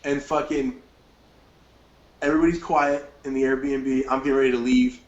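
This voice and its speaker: A man hosting a podcast, telling a long story in a casual, profane, animated way. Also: mid-range voice, normal speed, reverberant, lo-fi sound. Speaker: podcast host.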